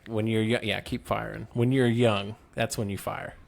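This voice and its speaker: A man's voice: fairly low pitch, level tone, normal speed, vocal fry. A young man co-hosting a podcast, rambling through stories in casual chat and swearing often. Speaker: podcast co-host.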